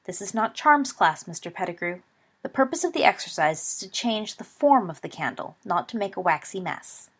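A woman's voice: mid-range voice, lively intonation, normal speed, husky. A woman voicing a stern, formal older female professor in a storybook reading. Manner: clipped, formal.

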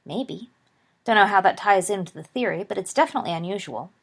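A woman's voice: medium pitch, lively intonation, fast talker, creaky, breathy edge. A woman reading the part of a confident older schoolboy, matter-of-fact.

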